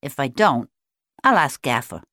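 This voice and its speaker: A woman's voice: a bass voice, big pitch swings, measured pace, pushed and bright, no echo, studio quality, exaggerated voice. A woman voicing Bobby, a chatty, eager young male sea otter in a storybook reading, raising her voice a little. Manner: friendly, keen to show what he knows.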